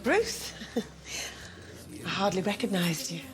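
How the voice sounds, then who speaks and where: An actress playing a dry, teasing wife in a sitcom. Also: female voice, lowish voice, expressive, unhurried, music in the background. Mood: amused. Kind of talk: sitcom acting.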